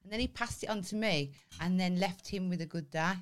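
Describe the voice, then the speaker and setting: A woman's voice: fairly low pitch, brisk, smooth. A woman, co-hosting a casual chat over wine, blunt, sweary and teasing. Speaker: podcast co-host.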